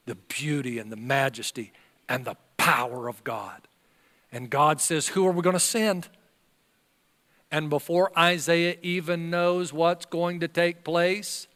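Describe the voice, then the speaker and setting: A man's voice: fairly high pitch, fairly bright tone, long reverb tail. An older man, a pastor preaching a sermon and acting out the voices in the story. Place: church sanctuary.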